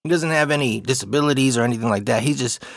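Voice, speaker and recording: A man's voice: mid-range voice, quick pace, vocal fry, no room sound, clean studio sound. A young adult man casually telling a funny story, swearing a lot and often laughing. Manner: profane, laid-back, laughs often.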